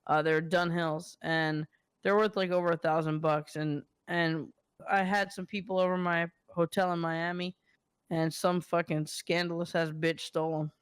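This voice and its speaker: A young man hosts a podcast and rambles through profane stories, dropping fillers as he goes. His voice is smooth and resonant, recorded dry and close on a podcast mic. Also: on the high side, level tone, moderate pace, no echo. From New York area. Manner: profane, loose storytelling full of fillers. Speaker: podcast host. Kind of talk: casual podcast chat.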